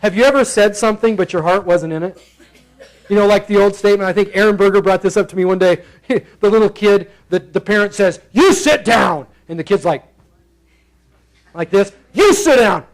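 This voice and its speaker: High-voiced playful preacher. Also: male voice, steady tone, fairly quick, poor audio. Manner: playful, acts out the characters in bursts. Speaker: pastor. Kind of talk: expository sermon. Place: church sanctuary.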